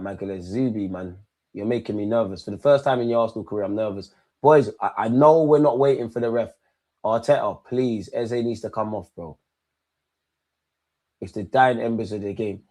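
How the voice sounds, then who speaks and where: A man's voice: fairly low pitch, normal speed, long pauses, mellow. A young man giving live, slang-filled commentary as a football fan hosting a match watchalong, repeating his phrases over and over.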